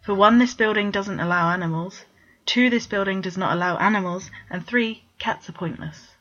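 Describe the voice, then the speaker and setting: A man's voice: sits high, normal speed, sharp tone, lo-fi sound. A woman voicing an irritable, sarcastic adult man who hates cats, swearing in exasperation. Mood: irritated. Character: irritable grumpy adult man, cat-hating older brother.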